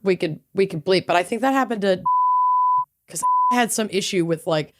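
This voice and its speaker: A woman's voice: medium pitch, normal speed. A young adult woman co-hosting a podcast, chatty and chiming in with her own stories. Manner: chatty, reacts and chimes in. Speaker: podcast co-host. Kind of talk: casual podcast chat.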